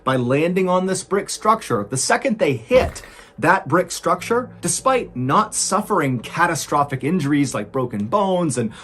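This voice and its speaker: Against slight background noise, a man relates a true story at a moderate pace, dramatically building tension. At the tense, exciting points his voice rises.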